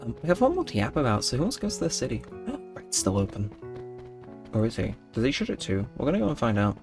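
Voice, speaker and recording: Young guy yapping over a late night game, mid pitch, bit of music in the back. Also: wildly swooping pitch, fast, creaky. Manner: rambling storyteller, mock-indignant outbursts. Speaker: gaming channel host. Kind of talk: late-night gameplay commentary.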